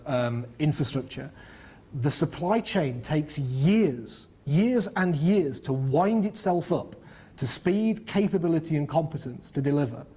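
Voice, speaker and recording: A man who heads research delivers an economic briefing and fields questions frankly. His voice is mid-range with a darkish tone, and he talks freely, dropping plenty of "um" and "you know" along the way.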